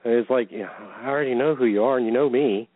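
A man's voice: medium pitch, quick pace, dry recording. A man co-hosts a casual wrestling talk show, speaking to listeners with wry, self-mocking asides. His voice sits in a middle range. It comes through dry and tinny, like a phone call. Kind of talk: casual chat. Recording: tinny phone-line sound.

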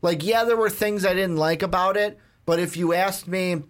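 A man's voice: high-pitched, moderate pace. A man co-hosting a casual movie review podcast, rambling with lots of "like" and acting out scenes as he retells them. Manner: rambling, peppered with "like". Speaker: podcast co-host.

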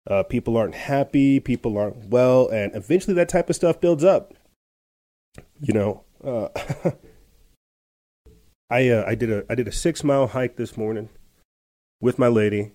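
A man's voice: medium pitch, normal speed, pauses often, dark tone, dry recording. A man hosting a podcast, telling a story in a rambling casual way with many restarts and laughs. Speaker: podcast host. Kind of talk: casual chat.

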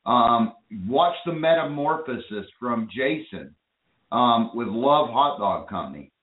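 A call-in radio show host speaks slowly in a mid-range voice with lively intonation. He's enthusiastic but rambles and restarts, and the audio sounds like a phone line in an echoey room.

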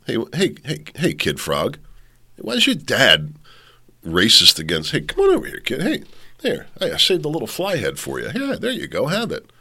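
Guy putting on a needling scorpion, whiny and mocking, bright raspy tone. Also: huge pitch swings, moderate pace, full character voice. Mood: coaxing. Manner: mocking, needling, high sing-song. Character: wheedling manipulative scorpion, male, pushy.

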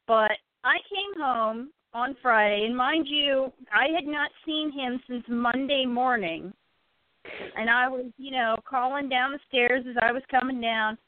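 High-voiced woman telling a story on a tinny line. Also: measured pace, dry recording. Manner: animated storyteller, mimics her pet bird. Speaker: co-host. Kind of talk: casual chat. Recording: tinny phone-like sound.

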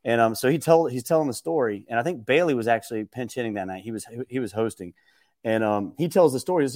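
Animated man telling stories. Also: medium pitch, quick pace, no echo, clean studio sound. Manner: lively, acts out quotes with raised voice, laughs often. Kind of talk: casual podcast storytelling.

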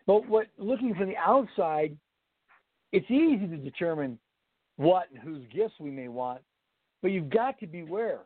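A man's voice: high voice, expressive, unhurried, husky, no echo. A man giving a Bible study lecture as instructor, emphatic, blunt and preachy. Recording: tinny phone-like, dry sound.

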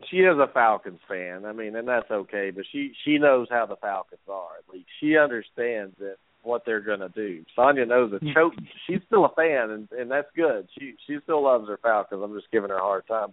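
A man hosts a casual sports talk show, ranting and laughing as he needles the local teams. His voice is mid-pitched and comes through a tinny, phone-like line with a dry, close sound. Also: no room sound. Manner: ranting, laughs between jabs. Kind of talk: casual sports radio rant. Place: lives in Atlanta.

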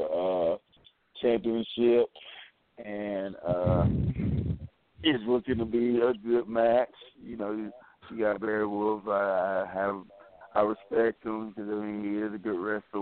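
A hoarse man with a low, flat voice calls in to talk about an upcoming match, stumbling through fillers. The sound is narrow and phone-like. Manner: halting, many fillers. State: hoarse, a little sick. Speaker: wrestler calling in. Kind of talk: phone interview. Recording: tinny phone line.

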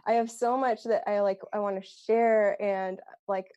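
A woman's voice: mid-range voice, steady tone, unhurried, warm tone, no room sound, dull audio. A woman joining a talk as a guest, gushing and hesitant with many fillers. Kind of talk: casual chat.

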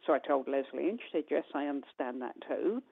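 A woman, a guest medium, telling a long personal story on a call-in radio show and acting out the dialogue with animated voices. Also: extremely low pitch, fairly quick, creaky, breathy edge. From United Kingdom. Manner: animated, acts out quoted dialogue. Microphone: telephone. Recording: tinny phone line.

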